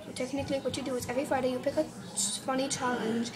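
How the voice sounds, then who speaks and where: A woman's voice: sits high, flat delivery, rapid-fire, crowd noise. A woman vlogger chatting casually in a put-on British accent, with lots of fillers. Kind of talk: casual vlog chat.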